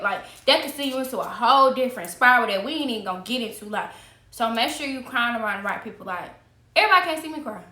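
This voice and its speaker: A woman hosts a casual chat in a sharp, bright voice. She talks in animated, quick bursts, and the room adds a noticeable echo. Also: medium pitch. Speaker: vlogger host. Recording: roomy echo.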